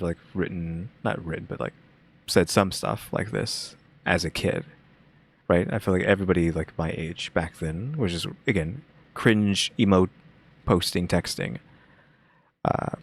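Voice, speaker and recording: A young man hosting a reaction video, talking casually and musing aloud with lots of fillers. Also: deep voice. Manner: rambling, musing, many fillers.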